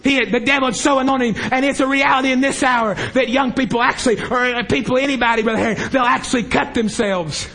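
A man's voice: very high voice, fairly even intonation, quick pace, hardly any pauses, sharp tone, faint music behind. A man preaching a fervent revival sermon in a church service, impassioned and repetitive as he calls out to the congregation.

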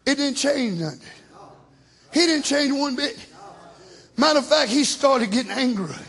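A male preacher delivering a shouted sermon in folksy, colloquial speech, punctuated with hallelujahs. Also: very high voice, lively intonation, normal speed, gravelly. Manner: shouting, call-and-response hallelujahs.

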